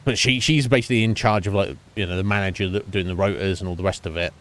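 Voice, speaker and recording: A young man streaming, telling a profane, animated story about a coffee job and acting out the people in it. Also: low voice, quick pace. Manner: profane, animated ranting with voiced quotes. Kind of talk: ranting story while streaming a game.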